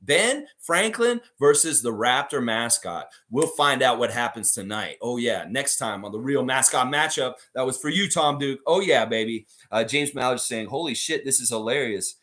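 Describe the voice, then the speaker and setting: A man's voice: mid-range voice, moderate pace, few pauses. A man hosting a fan show, telling stories and chatting with viewers in a casual, profane way. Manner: animated, profane storytelling. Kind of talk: casual livestream chat with viewers.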